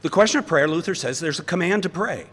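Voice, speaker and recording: A man's voice: on the high side, animated, fast, fairly bright tone, husky. Older man lecturing in a reverberant hall. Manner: thoughtful, rambling with restarts and chuckles. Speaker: seminary professor. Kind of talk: lecture with audience questions.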